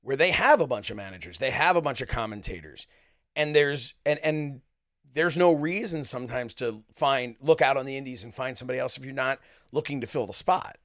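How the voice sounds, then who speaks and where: A man's voice: mid-range voice, expressive, fairly quick, a bit bright, no room sound, clean studio sound. A man co-hosting a wrestling podcast, a manager himself, talking casually, candid and a bit boastful.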